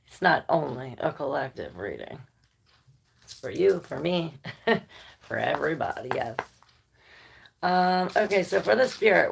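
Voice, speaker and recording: A woman in the middle of a loose, rambling tarot reading, thinking out loud as she goes. Her voice is low, thick with gravelly fry, and she takes her time over every phrase. A faint hiss sits under the recording. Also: animated, a little slow, pauses often. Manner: rambling, thinking aloud, laughs and swears casually. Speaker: tarot reader.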